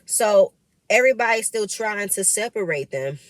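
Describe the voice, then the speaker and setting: A woman recaps a reality episode in loose, emphatic chat. She repeats her words for stress and speaks at a mid pitch. Her voice sits close and dry, with no room echo. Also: lively intonation, normal speed. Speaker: reality show cast member recapping an episode.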